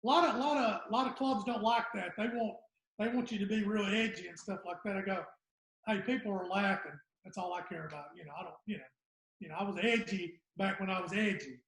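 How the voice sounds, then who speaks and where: A man's voice: high voice, fairly quick, gravelly, a bit bright. A man, a guest comedian telling rambling stories in casual podcast chat. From Southern United States. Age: 60s. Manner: rambling storyteller, trails off. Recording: echoey room.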